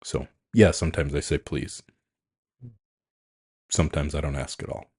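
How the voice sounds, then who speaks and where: Very deep, husky-voiced man. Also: fast, no echo, clean studio sound. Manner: calm, frank and reflective, restarts often. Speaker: podcast co-host, coach. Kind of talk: casual chat.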